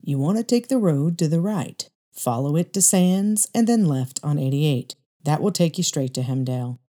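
A woman reading a story voices an old male gas station attendant who speaks slowly and knowingly, with a quiet, prophetic air. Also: on the high side, expressive, lightly acted. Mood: helpful. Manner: slow, staring, quietly prophetic.

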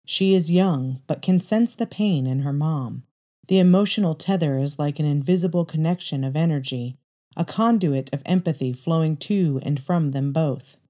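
A woman reads a dramatic story aloud, measured and steady. Her voice is low and dark, with a mellow warmth. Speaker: narrator.

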